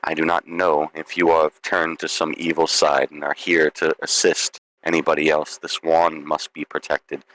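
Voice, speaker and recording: A man's voice: a bass voice, little pitch movement, fairly bright tone, pitched below the performer's own voice, poor audio. A man voicing a stern ghostly woman dean. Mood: threatening. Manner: grave, measured threats.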